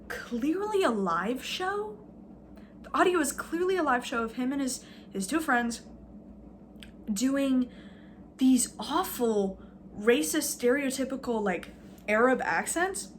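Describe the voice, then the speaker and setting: A woman's voice: fairly high pitch, a little hiss or hum. A woman vlogging a casual, rambling rant, sarcastic and full of fillers, swearing now and then.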